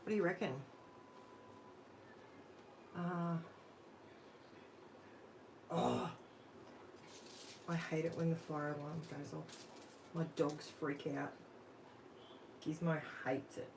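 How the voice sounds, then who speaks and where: A woman's voice: sits low, level tone, slow pace, long pauses, recorded from a distance. An Australian woman hosting a live crafting stream, chatting casually and thinking aloud while she works, asking viewers questions. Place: home craft room. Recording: off-mic with faint room noise.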